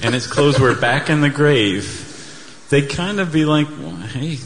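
A man's voice: on the high side, lively intonation, measured pace, fairly bright tone. A man co-hosting a live podcast on stage, telling history in a jokey way, slipping into silly quoted voices. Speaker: podcast co-host. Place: theater stage before a live audience. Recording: live hall with long reverb.

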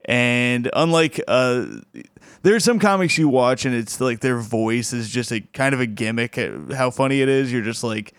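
A man hosting a comedy podcast in a relaxed, chatty way, chuckling often between thoughts. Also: medium pitch, normal speed, smooth, no echo, clean studio sound. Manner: laid-back, chuckles often, restarts. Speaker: podcast host. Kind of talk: casual podcast chat.

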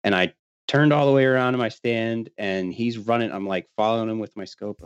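A man's voice: lowish voice, a little fast, clear, resonant tone, no room sound, lo-fi sound. A man telling a long hunting story in a casual way, laughing often and acting out what his friends said.

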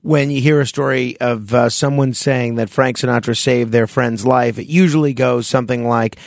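A man hosting a late-night radio talk show, with wry, brisk patter between segments. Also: mid-range voice, steady tone, creaky, dry recording, studio quality.

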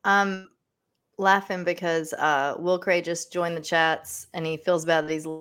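A woman's voice: lowish voice, fairly even intonation, measured pace, fairly bright tone, smooth. Easygoing woman hosting a podcast. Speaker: podcast host. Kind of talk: casual podcast chat.

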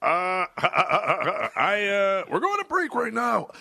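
A man's voice: high-pitched, wildly swooping pitch, slow pace, vocal fry, bright, forceful tone, pitched above the performer's own voice, full character voice. A man doing an impression of a stoned, giggly, laid-back man who drawls and chuckles. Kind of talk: celebrity impression.

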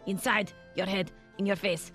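A woman's voice: very high voice, moderate pace, vocal fry, soft background music, pitched above the performer's own voice. A woman putting on an exaggerated French accent on English words for a film scene. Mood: theatrical.

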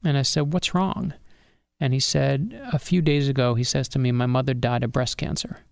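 Gravelly-voiced man telling a story. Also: medium pitch, a little fast, no room sound, studio quality. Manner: animated storyteller, acts out dialogue. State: getting emotional. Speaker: author and guest. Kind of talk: storytelling in an interview.

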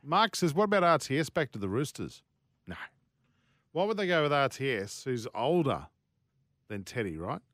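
A man with an Australian accent co-hosting a radio sports show, teasing his partner with quick asides. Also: medium pitch, sing-song, fairly bright tone, no echo, studio quality. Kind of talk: casual radio sports chat. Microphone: studio microphone.

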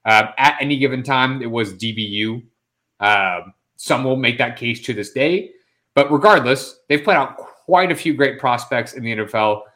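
A man's voice: mid-range voice, moderate pace, pushed and bright. A man co-hosting a casual sports podcast, talking in a hesitant, self-deprecating way. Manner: hesitant, self-deprecating, with many fillers and restarts. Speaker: podcast co-host.

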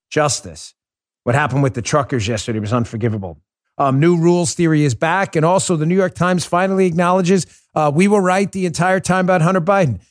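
A man's voice: on the high side, no room sound, clean studio sound. A man hosting a political commentary podcast, speaking emphatically, hammering his points with repeated catchphrases and now and then turning to his co-host. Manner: emphatic, repeats slogans for stress; talks to a co-host by name.

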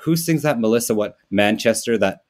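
Wry, self-mocking man, low voice. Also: expressive, fairly quick, a little mellow. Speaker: comedian guest. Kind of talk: casual podcast chat.

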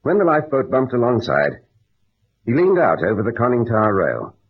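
A man narrating an old radio drama in a measured, grave way. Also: mid-range voice, wildly swooping pitch, breathy edge. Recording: dull old radio broadcast.

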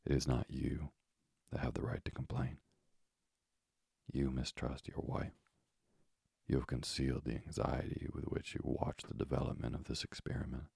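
A man voicing a firm, devoted young wife, speaking calmly in a hushed, whispery voice. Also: very deep voice, normal speed, gravelly, slightly rough, no echo, studio quality, heavily acted.

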